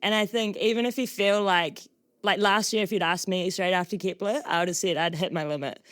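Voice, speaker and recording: A woman's voice: mid-range voice, steady tone, a little fast, fairly bright tone. Young woman, New Zealand accent, interview guest, bubbly, filler words. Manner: bubbly, self-deprecating, lots of fillers. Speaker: guest trail runner. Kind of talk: live show interview.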